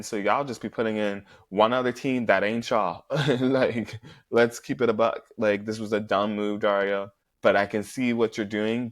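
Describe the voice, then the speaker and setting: A man hosting a podcast, giving a casual, profane recap and acting out contestants' quarrels. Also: lowish voice. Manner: profane, blunt, acts out contestants' lines. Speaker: podcast host recapping a reality show.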